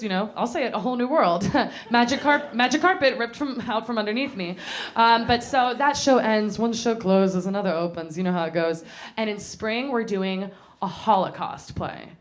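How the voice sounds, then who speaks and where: Chatty self-mocking woman storyteller. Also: mid-range voice. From North Carolina. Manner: chatty and self-mocking, laughing at her own jokes. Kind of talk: live comedic storytelling. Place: small theater stage before a live audience.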